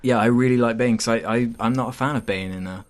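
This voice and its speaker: A man's voice: medium pitch, quick pace. A man chatting casually in a game review, hesitant with many fillers and restarts.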